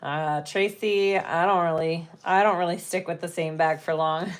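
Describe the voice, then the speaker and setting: A woman with a fairly low, mostly level voice talks at a moderate pace. She's running a live sewing stream, thinking out loud as she works and chatting casually with her viewers.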